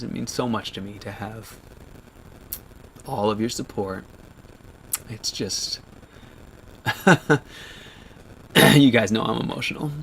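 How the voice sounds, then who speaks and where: Gravelly-voiced man choked up on a livestream. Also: on the low side, fairly bright tone, slight background noise. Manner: tearful, halting, many restarts. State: choked up, near tears. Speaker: vlogger on a livestream. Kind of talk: emotional livestream chat.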